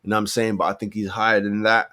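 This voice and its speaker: A young man riffs on football as a fan, casual and full of street slang. His voice sits low, and he often says a line twice to drive it home. The sound is close and dry, with no room around it. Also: flat delivery, very fast, sharp tone, no room sound. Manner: slangy, conversational, repeats phrases for emphasis. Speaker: football fan channel host. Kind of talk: casual fan commentary to camera.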